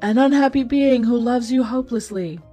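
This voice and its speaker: A woman's voice: fairly high pitch, moderate pace, dark tone, soft background music, pitched above the performer's own voice, lightly acted. A woman voicing a spiteful, ugly female fairy who speaks with disdain and command. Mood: scornful.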